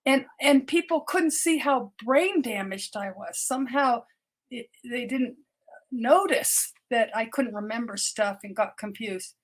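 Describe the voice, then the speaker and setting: Older lady doctor on a podcast, pretty high voice, earnest, stumbles and repeats words. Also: measured pace. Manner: earnest, repeats words when starting sentences. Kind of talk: personal storytelling interview.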